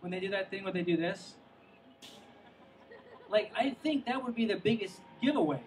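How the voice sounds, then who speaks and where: High-voiced rambling stand-up comic outdoors. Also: male voice, animated, normal speed, long pauses, far from the mic, slight background noise, low-quality recording. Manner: rambling, self-mocking, trails off with asides. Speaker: stand-up comedian. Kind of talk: stand-up comedy set. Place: outdoor show near the water.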